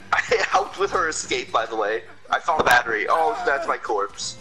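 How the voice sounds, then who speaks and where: A young man talking casually while playing a video game, animated and quick to laugh and complain. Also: mid-range voice, music in the background, low-quality recording. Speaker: gamer. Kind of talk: casual gameplay chat.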